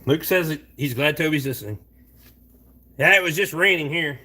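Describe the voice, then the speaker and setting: A man's voice: fairly high pitch, moderate pace, pushed and bright, slightly rough. A middle-aged man hosting a casual late-night stream, talking bluntly and swearing a lot while he rambles and answers chat. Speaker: livestream host reading chat.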